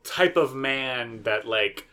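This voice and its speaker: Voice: mid-range voice, slow, pushed and bright. A podcast co-host in casual chat, building opinions in long, rambling sentences.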